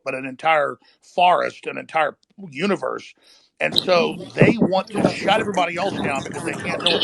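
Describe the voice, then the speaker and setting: A man hosting a heated political talk, ranting fast and emphatically. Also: on the high side, vocal fry, fairly bright tone, a little hiss or hum. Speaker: host.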